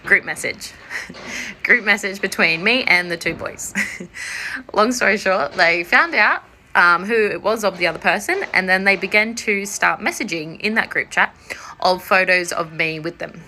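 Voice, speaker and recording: A woman's voice: medium pitch, animated, measured pace, bright, forceful tone, slight background noise. Giggly, sheepish woman. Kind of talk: casual storytime monologue.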